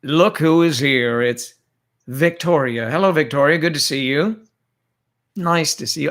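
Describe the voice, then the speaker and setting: A man's voice: on the high side, a little slow, a bit bright. Playful man chatting on a livestream. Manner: playful, teasing, greets viewers by name. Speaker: livestream host. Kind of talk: casual live chat.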